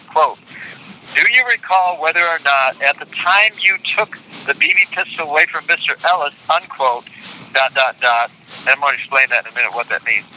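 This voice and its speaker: An older man being interviewed, reading court transcript quotes aloud in a deliberate, indignant way and repeating lines for emphasis. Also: on the high side, sharp tone, slight background noise, rough recording. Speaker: interview guest.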